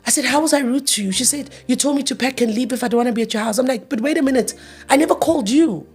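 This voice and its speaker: A woman's voice: high voice, racing, a little mellow, husky, faint music behind. A grieving woman in her thirties tells her story in an interview, emotional and repeating herself as she acts out past arguments in quoted dialogue. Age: 30s. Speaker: interview guest.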